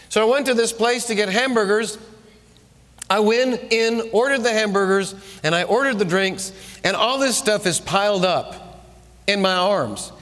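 A man preaching a sermon as pastor, telling a story with lively delivery and repeating phrases for emphasis. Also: high-pitched. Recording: long reverb of a large room.

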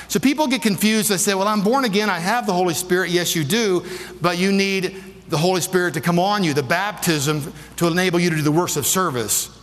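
A man's voice: fairly high pitch, fairly bright tone. A man preaching a sermon as pastor, emphatic and repeating questions to the congregation. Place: church. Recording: long hall reverb.

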